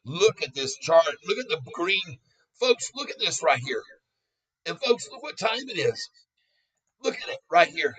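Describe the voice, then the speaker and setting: A man hosting a casual live stock-trading stream, hyped and excitable, laughing often and calling his viewers folks. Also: fairly high pitch, a little slow, slightly rough, recorded from a distance, low-quality recording. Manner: talks straight to viewers as folks. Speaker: stock market livestream host.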